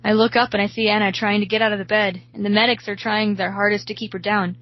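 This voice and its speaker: Woman reading a creepy story, steady and quiet, a bit muffled sound. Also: mid-range voice, fast. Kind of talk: reading a horror story aloud.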